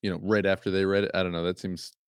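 A man's voice: sits low, level tone, very fast, clear, resonant tone, no room sound, studio quality. A man hosting a casual conversation, affirming often and laughing easily. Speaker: podcast host.

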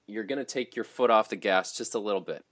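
Animated low-voiced man talking sports. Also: fast, dry recording. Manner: animated, profane, laughs often. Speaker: podcast co-host. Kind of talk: casual sports chat.

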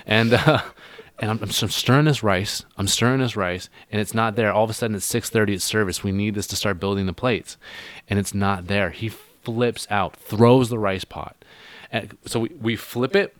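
Low-voiced man telling a rambling story. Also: moderate pace, no room sound. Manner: rambling storyteller, swears a lot, acts out quotes. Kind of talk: casual chat.

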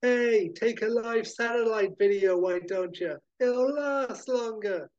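A man voicing a reckless, flirty action heroine in a high teasing put-on voice while pitching a film. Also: animated, a little slow, lo-fi sound. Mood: brash.

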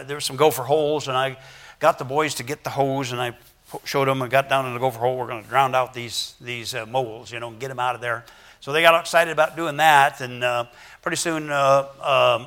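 An older man preaches a Sunday sermon in a loose, folksy style, stopping and restarting his sentences as he goes. His voice has a bright, forceful edge at a middle pitch. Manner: acts out children's voices in anecdotes. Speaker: pastor.

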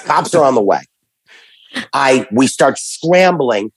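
Husky-voiced man telling rambling stories. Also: medium pitch, normal speed, no room sound, poor audio. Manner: rambling, animated storytelling with many restarts and fillers. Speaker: guest telling family stories. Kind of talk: casual conversation.

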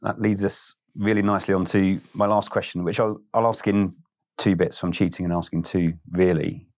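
A man's voice: low-pitched, fairly even intonation, moderate pace, darkish tone, no echo, clean studio sound. A man hosting a podcast, asking closing questions and thanking his guest in a friendly, conversational way. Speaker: podcast host. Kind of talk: interview questions and sign-off.

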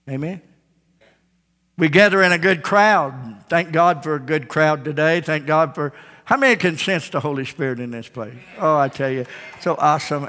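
Pastor, male, slightly high voice, emphatic folksy preaching; echoey sanctuary. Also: fairly bright tone. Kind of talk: sermon. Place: church sanctuary. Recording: echoey church hall.

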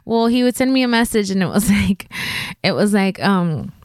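A woman's voice: medium pitch, lively intonation, normal speed. A woman chatting casually as a podcast co-host, telling a story with frequent laughter and swearing. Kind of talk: casual chat.

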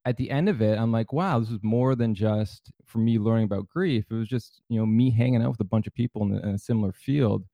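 A man's voice: lowish voice, fairly quick, hardly any pauses, dry recording, dull audio. A man hosting a podcast in a casual, easygoing way, with lots of fillers and restarts. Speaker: podcast host.

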